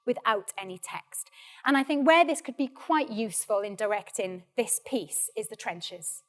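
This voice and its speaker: A Welsh woman leads a drama workshop, explaining and demonstrating warm-up exercises in a clear, encouraging way. Her voice sits a little high, and she talks with practical directness. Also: moderate pace, slight background noise. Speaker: actor leading a drama workshop. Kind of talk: practical teaching, giving instructions.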